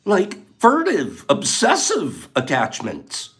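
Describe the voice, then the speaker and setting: A man hosting a reflective spiritual talk, reading passages from a book aloud and mixing in his own animated remarks and soft asides. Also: mid-range voice, unhurried, faint music behind. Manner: animated, swinging between loud emphasis and soft asides. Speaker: podcast host.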